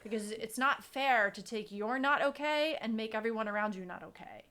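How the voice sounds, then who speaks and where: A woman co-hosting a podcast in a casual chat, fairly high-pitched and earnest. She leans into her points, repeating phrases for emphasis. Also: moderate pace, fairly bright tone. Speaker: podcast co-host.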